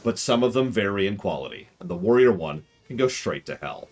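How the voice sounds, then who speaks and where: A man's voice: lowish voice, big pitch swings, moderate pace, hardly any pauses, faint music behind. A man streaming a strategy game with casual, joking commentary, sarcastically talking back to the characters on screen.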